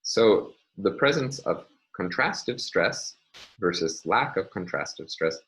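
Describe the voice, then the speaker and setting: A male linguistics lecturer explaining step by step in a measured, recorded lecture, with frequent filler words. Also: low-pitched, lively intonation, a bit bright, rough recording.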